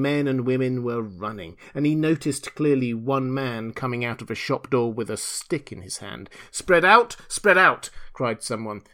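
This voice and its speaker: A man reads a classic novel aloud in scripted narration. His voice sits at a middling pitch, and his delivery is measured and dramatic. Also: fairly bright tone. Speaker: audiobook reader.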